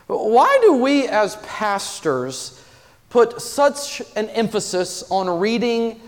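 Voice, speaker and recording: In a church sanctuary, a pastor preaches a sermon in an earnest, conversational way, asking his congregation many questions. His voice is high-pitched and very animated, his pace slow, and a long reverb tail trails his words.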